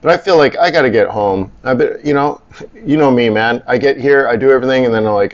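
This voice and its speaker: A man's voice: medium pitch, fast talker. Blunt, grumbling middle-aged man, slightly muffled. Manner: rambling, blunt and grumbling, swears casually. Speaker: live stream host, forex trader. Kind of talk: casual live-stream chat. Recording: slightly dull lo-fi audio.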